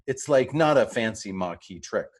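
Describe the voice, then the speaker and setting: A middle-aged man co-hosting a podcast in casual chat, animated and acting out quotes as he tells stories. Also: on the low side, normal speed. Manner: animated storyteller, acts out quotes. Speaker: podcast co-host.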